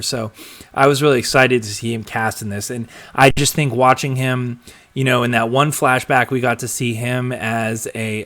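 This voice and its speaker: A young man with a medium-pitched, fairly bright voice hosts a live stream, reading out viewer comments and answering them. He's casual and rambling, full of ums and restarts, chuckling and letting sentences trail off.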